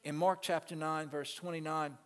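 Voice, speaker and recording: A male preacher delivers a sermon in a church, his voice sitting a little high for a man. He surges to emphatic peaks and then pulls back to quiet asides, calling out to the congregation. The sound rings with the long reverb of a large sanctuary. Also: little pitch movement, moderate pace, clear, resonant tone. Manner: calls out to the congregation. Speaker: pastor.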